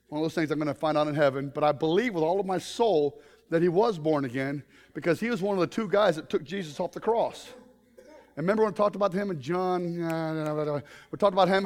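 A man preaching a humorous sermon to a congregation, telling stories in an animated way with bursts of shouting. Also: sits high, in a large hall. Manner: animated storytelling with comic shouted outbursts. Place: congregation in a room.

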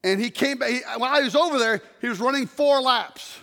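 A man with a very high, bright, forceful voice preaches a story-driven sermon. He swings between loud shouting and hushed, near-whispered passages. His voice rings through a large hall with a long reverb. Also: brisk.

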